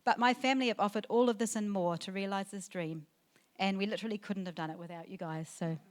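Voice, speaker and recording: A middle-aged woman gives a heartfelt wedding reception speech into a handheld microphone. She talks in a halting way, with fillers and restarts, and her voice fills with emotion. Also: mid-range voice, fairly even intonation. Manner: emotional, tearful at times, laughing through the speech. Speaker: mother of the bride giving a speech. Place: wedding reception venue, indoors.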